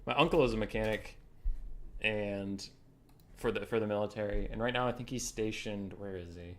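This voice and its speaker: Young male co-caster, low-ish voice, jokey and loose, laughs a lot. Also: a bit bright. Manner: joking, laughs often, quick asides. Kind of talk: casual chat while casting a game tourney.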